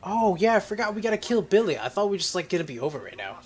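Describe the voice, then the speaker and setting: A man giving joking, profane commentary while playing a horror game, yelping and shouting whenever something chases him. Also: high voice, very animated, rapid-fire, soft background music. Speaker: let's play host. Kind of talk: casual horror gameplay commentary.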